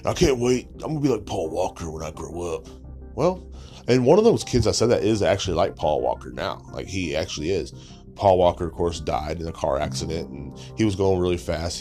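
A man's voice: low voice, a little mellow. A young man hosting a podcast, ranting in a crude, sarcastic, mocking way and swearing constantly. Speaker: podcast host. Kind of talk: profane comedic rant.

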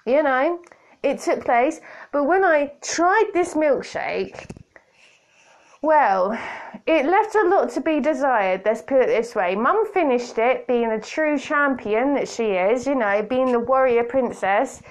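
A woman's voice: high voice, lively intonation, slow. A woman hosting a solo podcast in a chatty, playful, self-mocking way, recorded on a hands-free kit mic. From Britain. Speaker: podcast host. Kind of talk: casual solo podcast chat. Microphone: borrowed hands-free kit headset.

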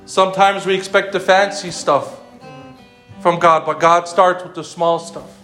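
A man's voice: high voice, steady tone, unhurried, a bit bright. A man preaching a sermon, asking the congregation questions, calling out people by name and switching between English and Romani. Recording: roomy echo with faint music.

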